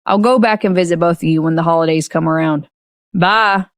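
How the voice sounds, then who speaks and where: A woman's voice: on the low side, brisk, dry recording, studio quality, lightly acted. A woman voicing a young man who speaks nonchalantly and matter-of-factly. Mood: gentle. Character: young man, casual unbothered brother.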